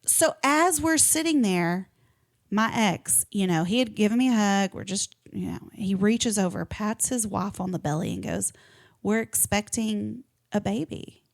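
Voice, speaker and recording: A woman co-hosting a podcast tells a story in casual chat, her mid-range voice moving at a measured pace with some vocal fry. She's animated, acting out what people said, swearing and laughing along the way.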